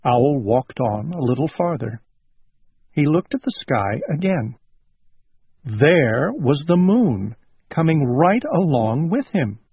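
A man reading a children's storybook aloud in a slow, gentle way. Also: fairly high pitch, very animated, breathy edge, dry recording. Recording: dull lo-fi recording.

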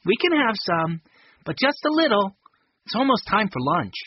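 A man's voice: high-pitched, sing-song, normal speed, highs cut off, a little hiss or hum, voice pushed up. A man doing a sensible older girl.

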